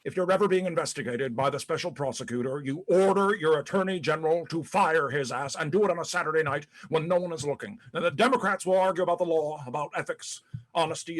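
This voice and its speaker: A man's voice: fairly high pitch, close to an everyday voice. A man playing a disgraced, paranoid ex-president in a one-man stage monologue, profane and rambling, stammering between bluster and self-pity. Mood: scheming, boastful. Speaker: actor in a one-man play. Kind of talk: live-streamed stage monologue.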